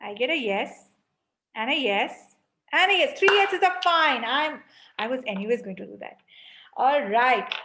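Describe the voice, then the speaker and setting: A woman's voice: sits high, animated, unhurried, a bit bright, slight background noise. Emphatic woman parenting coach. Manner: emphatic, frequent rhetorical "right?". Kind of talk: live online parenting workshop.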